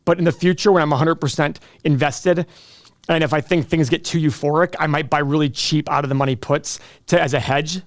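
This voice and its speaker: A man's voice: on the high side, fairly even intonation, no echo, clean studio sound. Joking man hosting a live chat. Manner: joking, self-deprecating, quick asides. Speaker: show host answering viewer questions. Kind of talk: casual livestream chat.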